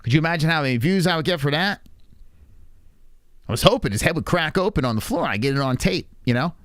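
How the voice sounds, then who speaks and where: A man's voice: fairly high pitch, fast talker, no room sound, clean studio sound. A man hosting a casual reaction stream, laughing a lot and swearing as he comments on a clip. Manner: laughing, crude, animated commentary. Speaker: streamer host.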